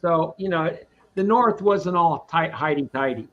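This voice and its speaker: A man's voice: fairly high pitch, animated, a little slow, a bit bright, lo-fi sound. A man hosting a casual live-stream talk who rambles, repeats himself and speaks his mind, from Boston. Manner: rambling, opinionated, repeats words. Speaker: host.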